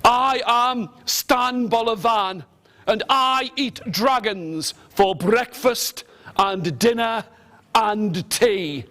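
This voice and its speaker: A man's voice: high voice, drawn-out words, pushed and bright, voice pushed up, heavily acted. A man voicing a young male hero who hides his fear behind proud, declaiming boasts in a told fairy tale. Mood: boastful.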